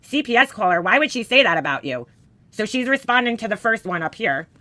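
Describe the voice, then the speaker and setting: A woman reading screenshots aloud in casual commentary, profane and exasperated, giving the quoted lines loud emphasis. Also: mid-range voice, big pitch swings, a little fast, dry recording.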